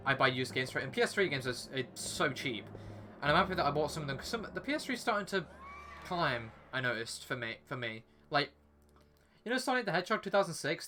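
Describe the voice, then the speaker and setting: A young British man chatting casually while livestreaming a video game, rambling with lots of fillers and restarts. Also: mid-range voice. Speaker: streamer. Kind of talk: casual chat while gaming. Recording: faint background music.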